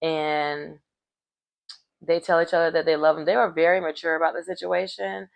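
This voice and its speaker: Woman, casual recap commentator, chatty and animated, lots of fillers, gravelly fry, lowish voice. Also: normal speed. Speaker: reality show recap commentator.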